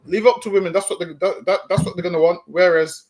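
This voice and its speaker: A man with a high voice lectures his listeners on a stream. He talks in a preachy way, stumbles over repeated words and keeps coming back to "listen, man.". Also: fairly even intonation, quick pace, darkish tone. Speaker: street preacher co-host. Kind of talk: stream discussion.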